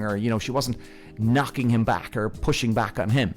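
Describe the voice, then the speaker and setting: A man's voice: medium pitch, normal speed, soft background music. A man hosting a podcast, telling stories in a casual, frank way, chuckling often and swearing freely. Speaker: podcast host. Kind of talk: casual storytelling.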